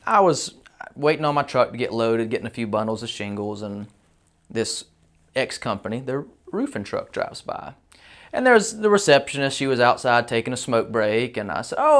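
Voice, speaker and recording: A man casually telling a roofing business story, voicing the people in it with a raised pitch. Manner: folksy, animated quotes with a raised pitch.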